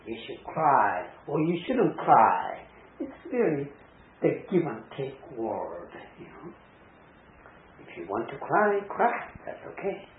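A man giving a Zen dharma talk on a koan, speaking, halting with many fillers and restarts. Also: mid-range voice, huge pitch swings, slight background noise. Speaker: Zen teacher. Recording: echoey room over a tinny phone-like line.

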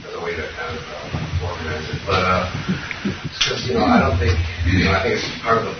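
Low-voiced man, hesitant rambling question, heard from far off in a reverberant, noisy room. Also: a little fast, highs cut off. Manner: hesitant, rambling, many fillers. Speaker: student asking a question. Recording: distant, echoey, noisy room mic.

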